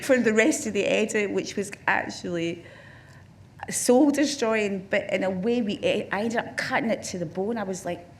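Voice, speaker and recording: A woman's voice: mid-range voice, normal speed. A woman with a Glaswegian accent, a film director and interview guest, tells anecdotes on stage in a rambling way, full of restarts and "you know"s. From Scotland. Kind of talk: on-stage career conversation, anecdotal. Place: festival talk stage with audience.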